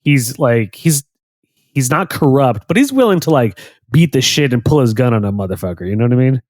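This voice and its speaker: Podcast co-host, male, lively storyteller with a dry close mic. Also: mid-range voice, brisk, dry recording. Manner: animated storyteller, laughs often. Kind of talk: casual chat. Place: Los Angeles.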